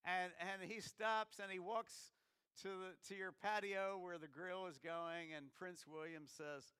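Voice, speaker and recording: American pastor, high bright voice, chatty sermon, lots of restarts and questions to the crowd. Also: male voice, steady tone, a little slow, clear, resonant tone, no room sound. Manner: conversational, many restarts, questions to the congregation.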